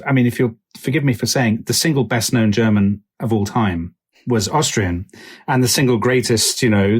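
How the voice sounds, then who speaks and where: A man's voice: on the low side, slightly rough. A man co-hosting a history podcast who eagerly jumps in with questions and apologizes for interrupting. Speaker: podcast co-host. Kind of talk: casual chat.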